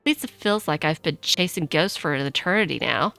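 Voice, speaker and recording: A woman voicing a gruff, folksy male merchant from a video game who calls people 'lass' and 'fella'. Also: deep voice, lively intonation, fairly quick, sharp tone, no echo, soft background music, voice pushed down, full character voice. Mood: hearty. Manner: folksy rough speech, calls people lass and fella.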